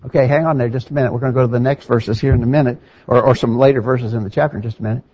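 A man's voice: medium pitch, steady tone, rapid-fire, husky. Emphatic preacher man, lo-fi sound. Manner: emphatic, rising to fervent peaks. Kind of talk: sermon. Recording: dull lo-fi sound.

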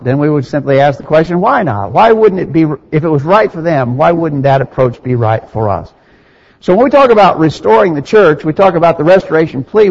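A man's voice: fairly high pitch, darkish tone, breathy edge. A man preaching a sermon, asking rhetorical questions and reading scripture aloud with rising emphasis. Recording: dull sound with long reverb in a hall.

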